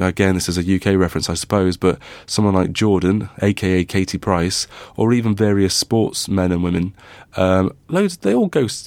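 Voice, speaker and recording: A man's voice: low-pitched, a little mellow, dry recording. A man from Derbyshire co-hosting a podcast in casual, wry chat, rambling with fillers. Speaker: podcast co-host.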